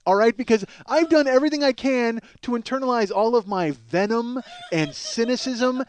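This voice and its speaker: High-voiced, profane ranting comic. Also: male voice, moderate pace, few pauses, clean tone. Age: 40s. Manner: profane, self-mocking, ranting. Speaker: podcast host. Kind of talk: comedic storytelling monologue.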